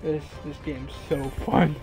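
A man streaming a video game live, commenting as he plays, with loud excited outbursts and swearing. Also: a little high, a little slow. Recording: game music behind. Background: game music.

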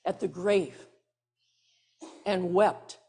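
Slow, breathy woman preacher. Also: lowish voice. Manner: expressive, intimate, drops to soft near-whispers. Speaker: pastor. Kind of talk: sermon with dramatic storytelling.

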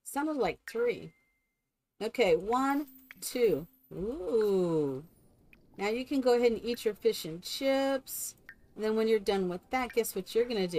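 A woman's voice: on the high side, animated, unhurried, a little mellow, slight background noise. A woman streaming a game live, chatting casually and coaxing her characters like a doting mother.

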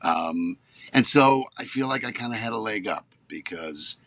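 As a podcast guest, an actor in his fifties tells stories casually and gets worked up along the way. His voice is on the low side and moderately paced, with no room sound.

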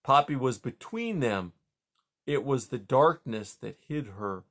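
A man reading a children's novel aloud. His voice sits at a middle pitch, and he takes the narration at an unhurried, measured pace. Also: lively intonation, fairly bright tone. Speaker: reader.

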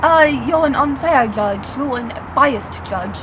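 A woman's voice: sits high, animated, a little slow. Giggly young woman vlogging outside. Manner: giggly, self-mocking, laughs often. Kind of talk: casual vlog chat. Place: outdoors by a train line and highway. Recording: loud outdoor noise of rain and traffic. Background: light rain, passing train and traffic.

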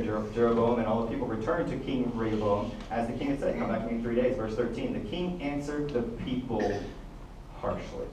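Male pastor, storytelling sermon voice, mid pitch, heard from a distance in a roomy hall with faint ambience. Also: slight background noise. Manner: storytelling, acts out Bible quotes in lively voices. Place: church hall.

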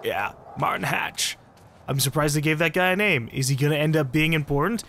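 A man's voice: a little high, fast, fairly bright tone. A man giving sarcastic, joking commentary while playing a video game. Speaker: let's play commentator. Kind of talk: casual gaming commentary.

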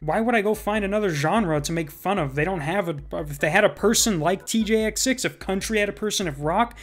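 A man with a slightly high voice answers viewer comments in a sarcastic, joking way. He speaks properly and enunciates every syllable. Faint music plays behind him. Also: fairly quick. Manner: proper, carefully enunciated speech. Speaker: YouTube commentator reading comments. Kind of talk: casual commentary reacting to comments.

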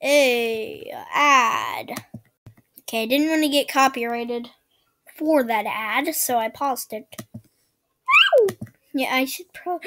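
High-voiced, giggly woman gaming. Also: slow pace, pauses often. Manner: giggly, excitable, chatty. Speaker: gamer. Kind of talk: let's-play commentary.

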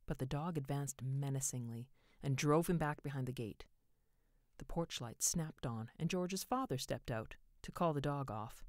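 A woman narrating a short story in an expressive way, giving each character a voice. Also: a bass voice, moderate pace, dry recording, clean studio sound.

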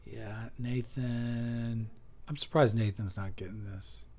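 A comedian hosting a casual livestream chat, joking through rambling, absurd tangents. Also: male voice, mid-range voice, fairly even intonation, takes it slowly, warm tone.

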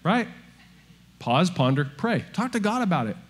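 A male pastor, preaching a sermon in a lively, conversational way with frequent asides to the congregation. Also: high voice, normal speed. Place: church auditorium. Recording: long hall reverb with faint music.

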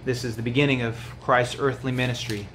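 A man preaching a sermon to other men, swinging from hushed, low lines to loud, pleading highs. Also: fairly even intonation, a little fast, a little hiss or hum.

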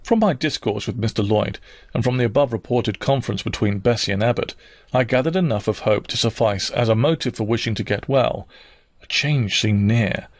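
A man narrating a classic novel as an audiobook reader, measured and unhurried. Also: mid-range voice, no echo, clean studio sound. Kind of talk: scripted narration.

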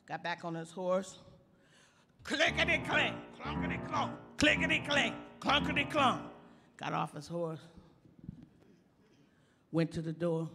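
An actress playing an elderly woman stand-up comic, telling folksy jokes with slow, sly punchlines on a theater stage. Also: mid-range voice, very animated, over music. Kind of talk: live stand-up comedy routine in a play. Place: theater stage before an audience. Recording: long hall reverb of a live theater.

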